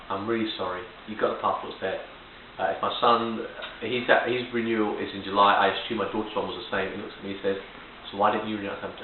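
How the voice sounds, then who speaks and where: A man's voice: on the low side, distant mic, noisy background. Man in his 40s ranting, echoey tinny home video. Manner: exasperated, sarcastic storytelling, acting out quoted people. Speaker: family vlogger. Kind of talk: ranting personal story.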